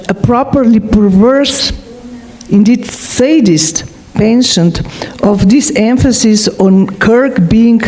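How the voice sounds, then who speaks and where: Woman lecturing, slow and careful, lots of uh's, soft mellow tone. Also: medium pitch, rough recording. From Slovenia. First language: Slovene. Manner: deliberate, with frequent hesitant fillers. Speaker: philosopher giving a lecture. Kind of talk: academic lecture.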